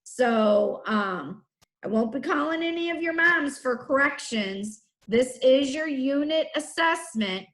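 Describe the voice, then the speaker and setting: Woman teacher, fairly high voice, very slow, deliberate dictation, roomy sound. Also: animated, fairly bright tone. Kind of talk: spelling dictation for a class.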